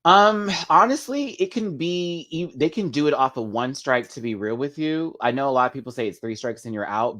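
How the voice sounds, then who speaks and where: Chatty gossiping male livestream host. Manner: chatty, gossipy, big swings in pitch and loudness; addresses viewers as "girl" and "y'all". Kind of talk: casual live-chat commentary.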